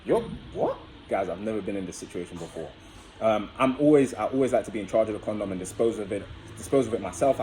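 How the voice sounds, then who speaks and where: A man's voice: lowish voice, a little mellow, slight background noise, low-quality recording. A young man vlogging, telling a personal story in a chatty, casual way and often addressing viewers as guys.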